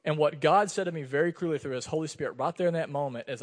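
A fast-talking pastor with a higher voice and hardly any pauses preaches in a church sanctuary. He animatedly tells a personal story, playing out the dialogue, and the recording has long hall reverb.

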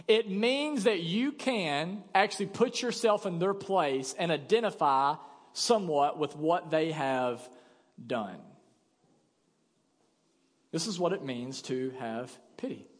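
A man's voice: a little high, slow. A young man preaching a sermon as a pastor, talking conversationally and acting out quoted voices. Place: church sanctuary. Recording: long church reverb.

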